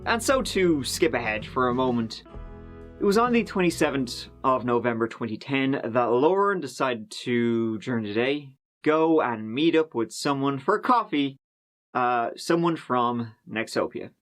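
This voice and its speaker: A man's voice: mid-range voice, lively intonation, unhurried, soft background music. A man narrating a true crime story in a casual, chatty way, with fillers and offhand asides.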